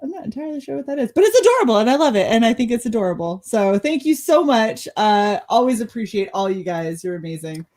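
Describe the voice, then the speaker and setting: A woman's voice: on the high side, very animated, fast, few pauses, darkish tone. A young adult woman hosting a casual livestream, reading chat comments aloud and laughing often. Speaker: host.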